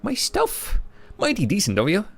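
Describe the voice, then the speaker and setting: A man's voice: sits high, wildly swooping pitch, moderate pace, gravelly, husky, voice pushed up, full character voice. A man voicing a grizzled, suspicious old homeless man with a put-on Scottish accent. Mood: surprised. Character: grizzled old male homeless street vet.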